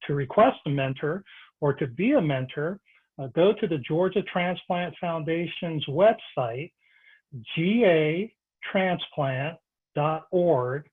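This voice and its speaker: Male host on a tinny, phone-like line. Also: a little high. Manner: reads announcements with frequent "uh" fillers. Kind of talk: hosting an online Q&A.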